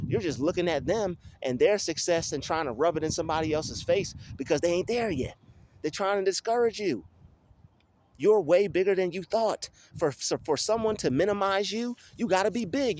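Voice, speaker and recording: A man's voice: high-pitched, animated, brisk, darkish tone. A man talking in a casual motivational monologue, emphatic and repetitive, like he is preaching. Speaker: motivational vlogger.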